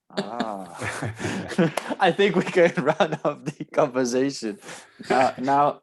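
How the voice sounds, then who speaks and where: A man's voice: fairly high pitch, slow pace, vocal fry, long pauses, slightly rough. A man speaking as a guest on a podcast in casual conversation, thoughtful and hesitant as he searches for the right words.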